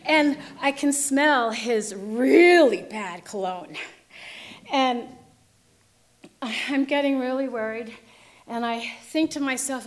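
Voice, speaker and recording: A woman with a high, light voice tells a personal story with vivid drama. She moves from hushed tension to loud outbursts as she relives it. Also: slow pace, long pauses. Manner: vivid, dramatic retelling, shifting between hushed and shouting.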